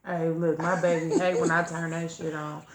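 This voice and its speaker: Gravelly-voiced woman in blunt podcast banter. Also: low-pitched, flat delivery, normal speed, crowd noise. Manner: blunt, laughing, slang-heavy banter. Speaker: podcast co-host. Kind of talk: casual chat. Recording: echoey room.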